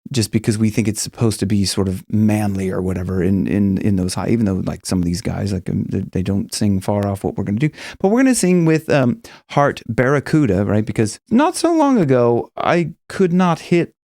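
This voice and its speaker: A man teaching singing, explaining casually and breaking into high sung examples. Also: animated, moderate pace, a little mellow, no echo, clean studio sound. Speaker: vocal coach. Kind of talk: singing lesson with demonstrations.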